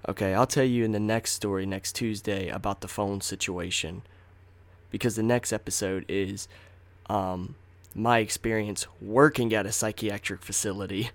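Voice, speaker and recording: Speaking in a lowish voice with no echo, a man hosting a storytelling show relates something that happened to him, peppering it with slang and swearing and performing the quotes himself.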